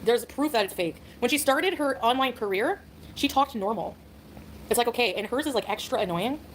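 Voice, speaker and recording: A woman on a live stream chats and rants with animated disdain. Her pitch swings widely as she talks. Faint ambient and passing vehicle noise sits behind her voice. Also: brisk, low-quality recording. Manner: animated, ranting, laughing at others. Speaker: streamer in a clip being watched. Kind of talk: casual live-stream chat.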